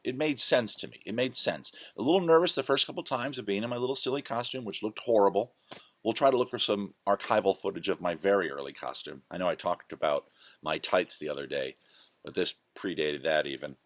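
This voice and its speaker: A man's voice: fairly low pitch, animated, brisk, dry recording. A man hosting his own show, casually telling rambling, self-correcting stories from his past. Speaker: host. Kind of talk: casual storytelling monologue.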